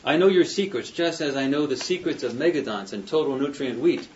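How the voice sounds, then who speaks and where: A man's voice: medium pitch, brisk, a little mellow, slight background noise, close to an everyday voice. Smug old scientist, godlike airs, read plainly by a man; dull, distant classroom audio. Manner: read aloud from a novel.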